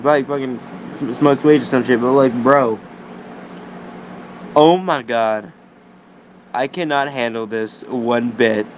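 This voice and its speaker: A man's voice: medium pitch, slight background noise. A young man ranting in a voice message, profane, exasperated and rambling.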